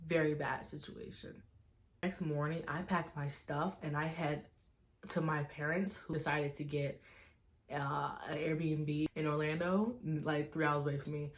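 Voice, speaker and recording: A young woman, a vlogger, recounting a personal story to camera in an animated, tense way, full of fillers. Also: low-pitched, a little slow. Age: young adult. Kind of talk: casual storytime vlog.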